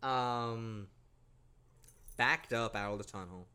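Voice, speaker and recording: A man's voice: medium pitch, slow pace, clean tone. A young man hosting a podcast, casually telling a spooky personal story with lots of swearing. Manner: profanity-laced, animated retelling. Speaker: podcast host.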